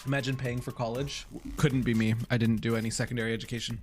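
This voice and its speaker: A man casually commenting on a game as he plays, excitable and joking, swearing and laughing often. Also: mid-range voice, quick pace, soft background music. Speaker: streamer.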